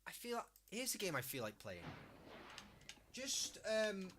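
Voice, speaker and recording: A man's voice: sits high, very animated, a little slow, music in the background. A Liverpool man in his late teens with a Scouse accent, telling rambling, sweary stories while live streaming. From Liverpool, England. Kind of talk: casual live-stream chat.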